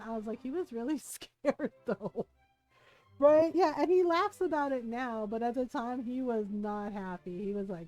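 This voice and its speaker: A woman streamer with a high voice chats casually to her viewers while playing, telling stories in an animated, laughing manner with plenty of swearing. Faint game music plays underneath her. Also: moderate pace, poor audio. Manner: animated, profane, laughing storyteller.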